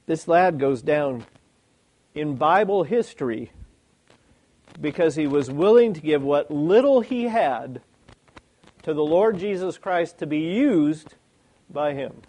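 A man preaching a sermon, animated and full of rhetorical questions. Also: on the high side, slow pace, pauses often, poor audio.

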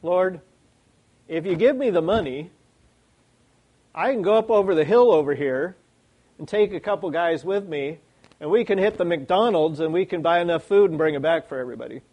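A preacher voicing a flustered male disciple who brainstorms a plan, quick and casual. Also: on the high side, darkish tone, lightly acted, poor audio. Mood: eager.

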